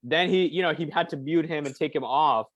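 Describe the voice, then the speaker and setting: A man in a casual discussion, retelling a video clip and acting out the quotes in a raised, animated voice. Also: fairly high pitch, a little fast, dry recording. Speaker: discussion participant. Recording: dry, dull lo-fi sound.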